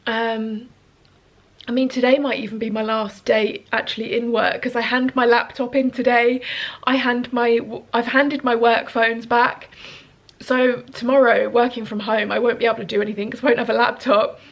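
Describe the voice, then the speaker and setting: With the highs cut off, her slightly high voice comes through level and at normal speed. She's a woman in her 30s vlogging from home, sniffling and emotional, chatting earnestly to camera and rambling with fillers.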